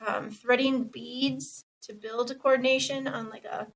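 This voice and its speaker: High-voiced woman explaining, a little off-mic. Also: a little slow, creaky, distant mic, a crowd in the background, rough recording. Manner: steady, explanatory, listing examples. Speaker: podcast co-host, occupational therapist. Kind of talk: casual podcast chat, explaining.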